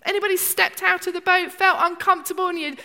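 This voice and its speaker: A woman's voice: very high voice, fairly even intonation, quick pace, bright, forceful tone. A middle-aged woman preaching a conversational sermon, acting out people's inner voices. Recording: long church reverb.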